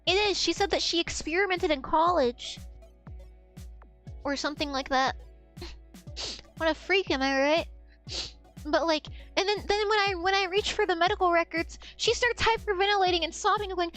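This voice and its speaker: A young adult woman telling a story on a livestream in a casual, animated way, swearing and laughing as she talks. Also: extremely high pitch, moderate pace, faint music behind. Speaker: streamer.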